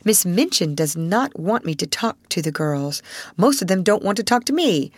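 A woman voicing a proud, thoughtful young schoolgirl who speaks in an earnest, measured way, reading a classic novel aloud. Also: on the low side, big pitch swings, dry recording.

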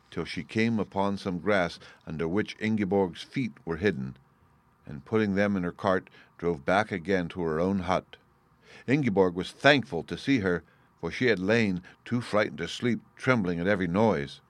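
Deep male fairy-tale narrator, measured, dry booth sound. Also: no room sound. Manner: measured, expressive. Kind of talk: storybook reading.

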